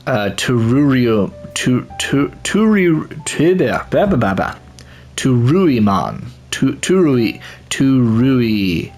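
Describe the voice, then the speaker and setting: A man's voice: medium pitch, big pitch swings, takes it slowly, darkish tone, soft background music. A man hosting a let's play and commenting on a video game in a rambling way, with lots of restarts. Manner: rambling, with many restarts and laughs. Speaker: gaming channel host.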